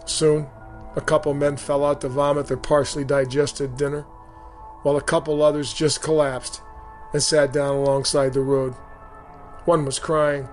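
A man reads his memoir aloud in a steady, earnest way. His voice sits slightly high for a man. Faint music runs under the narration. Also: normal speed. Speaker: storyteller recounting his boot camp. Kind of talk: memoir reading.

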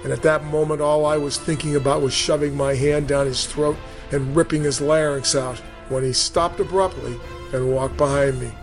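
Man narrating his own story, fairly high. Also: steady tone, soft background music. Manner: measured, vivid first-person telling. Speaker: storyteller recalling boot camp.

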